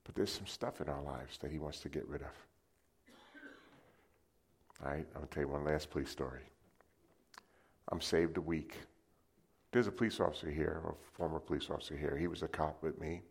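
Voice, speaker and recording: A man preaching a sermon, telling lively stories and acting them out with sound effects. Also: extremely low pitch, moderate pace, creaky, long pauses, breathy edge. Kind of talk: sermon with storytelling.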